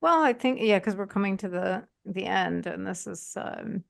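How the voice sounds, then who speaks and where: A woman co-hosting a podcast, speaking hesitantly with many pauses and fillers. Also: medium pitch, gravelly. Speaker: podcast co-host. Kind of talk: casual chat.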